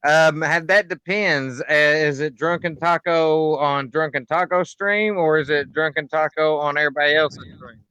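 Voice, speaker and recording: A man chatting on a game stream as a guest, playful and stammering, sometimes shouting in jest. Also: a little high, steady tone, moderate pace, few pauses, a little hiss or hum, rough recording. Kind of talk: casual chat on a game stream.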